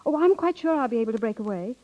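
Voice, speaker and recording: An actress playing a proud, principled young secretary in a vintage radio drama, with a brisk, spirited delivery. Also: female voice, a little high, animated, mellow, lightly acted. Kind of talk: 1940s radio acting. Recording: muffled old radio recording with music.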